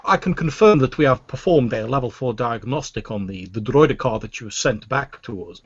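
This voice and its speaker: A man's voice: mid-range voice, lively intonation, normal speed, slightly rough, no echo. A man voicing a formal, overly polite male alien steward reporting over a comm link, recorded with dull lo-fi sound.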